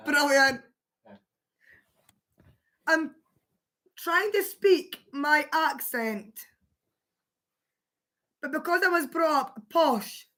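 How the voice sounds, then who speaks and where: A woman's voice: sits high, pushed and bright. A woman hosting a livestream, chatting casually with her partner, swearing freely and laughing often. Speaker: livestream host.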